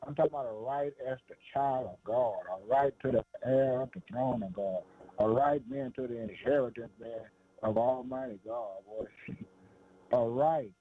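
This fervent preacher has a medium-pitched male voice and a moderate pace, with no room sound, though the audio is tinny like a phone or radio. His sermon is full of call-outs to "boy" and "man," with laughter between lines.

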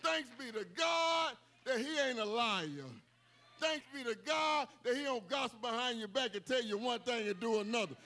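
A man preaching a sermon with folksy asides, building to emphatic, repeated shouted lines. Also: very high voice, moderate pace. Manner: emphatic, repetitive call-outs, bursts of shouting.

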